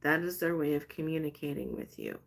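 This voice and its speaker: A woman's voice: low voice, brisk, gravelly. Bubbly woman chatting on a live stream. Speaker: live stream host doing card readings. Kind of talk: casual live stream chat.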